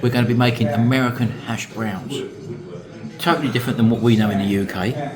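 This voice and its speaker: A middle-aged British vlog host talks fast in a medium-pitched voice, a crowd audible behind him. He chats casually to camera, rambling on to viewers he calls folks.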